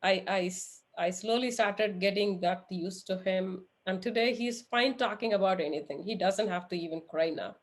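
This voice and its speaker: A woman's voice: mid-range voice, normal speed, hardly any pauses. A woman hosting a podcast, asking earnest, searching questions in a conversational way. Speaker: podcast host. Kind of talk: interview conversation.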